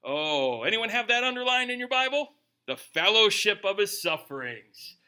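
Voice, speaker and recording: A middle-aged male pastor preaching a sermon, emphatic and animated, often tagging points with rhetorical asides to the congregation. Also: high-pitched, normal speed, smooth.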